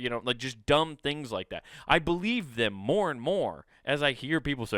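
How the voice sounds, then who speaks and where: A man's voice: medium pitch, lively intonation, normal speed, hardly any pauses, fairly bright tone, no echo, clean studio sound. A man in his thirties, a comedian hosting his podcast, ranting and cursing through a comic monologue and acting out little scenes. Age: 30s. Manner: profane, ranting, acts out bits in a raised voice.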